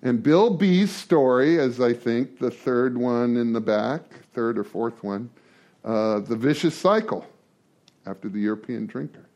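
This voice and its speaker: A man's voice: medium pitch, lively intonation, a little slow, a little mellow, muffled recording. A man speaking informally to a recovery group, joking and repeating words as he thinks aloud. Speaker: speaker leading a twelve-traditions study series.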